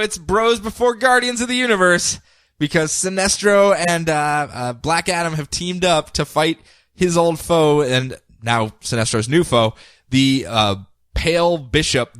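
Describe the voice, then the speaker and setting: A man co-hosting a podcast, recapping comic books in a casual, animated way and laughing often. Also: fairly high pitch, clear, resonant tone, dry recording, clean studio sound. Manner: animated, laughing, puts on quick voices for characters. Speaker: podcast co-host.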